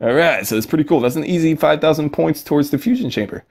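A young man giving casual, excitable commentary over a mobile card game, chatty and giggly, with sudden yelps. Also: fairly high pitch, fast, vocal fry.

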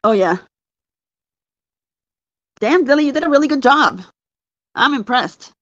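A woman's voice: high voice, lively intonation, a little slow, fairly bright tone, no echo. A woman hosting a livestream who agrees and chimes in with short jabs while reading viewer comments. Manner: agreeing, egging on, short replies. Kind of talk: casual livestream chat. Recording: dull, slightly lo-fi audio.

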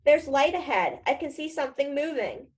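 A woman's voice: sits high, animated, moderate pace, pitched above the performer's own voice. A woman reading aloud and voicing a brave young schoolboy wizard, urgent in a tight spot.

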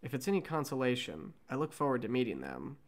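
An earnest young man who pleads for passage on a freighter, read by a man. His voice sits at a middle pitch and sounds sincere and hopeful. The read stays close to an everyday speaking voice. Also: big pitch swings, fast, natural voice. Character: eager young man needing a ship.

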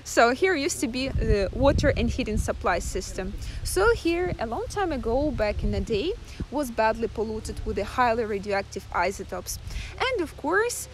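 A woman from Ukraine, giving a live-streamed guided tour outdoors in a chatty way, full of fillers and pauses. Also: on the high side, slight background noise. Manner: chatty, hesitant with many fillers. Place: outdoors in a town.

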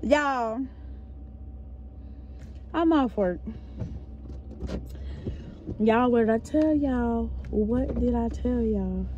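A young woman chatting casually to viewers from her car, a little short of breath from an illness, telling animated stories. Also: a little high, very slow, long pauses. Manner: chatty, animated storytelling, addresses viewers as y'all. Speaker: vlogger who works with schoolchildren. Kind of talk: casual chat to camera. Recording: dull sound with loud car noise.

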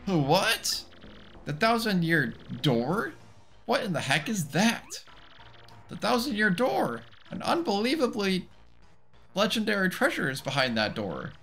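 A man puts on a blustering, short-tempered turtle king from a video game. He growls out boasts in a bright voice that jumps all over. Faint game music plays behind. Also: sits high, wildly swooping pitch, a little slow, heavily acted. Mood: outraged.

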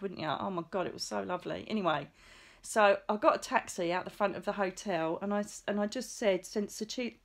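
A middle-aged psychic medium vlogger shares a personal story in a casual monologue. Excitable and chatty, she swears now and then and acts out the lines she quotes, her voice at an ordinary middle pitch.

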